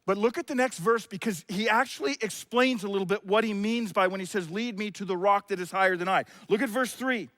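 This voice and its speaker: A middle-aged man, a pastor, preaching a sermon with passion and sometimes shouting. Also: sits high, fairly quick, few pauses, no echo. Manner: impassioned, shouts out acted quotes.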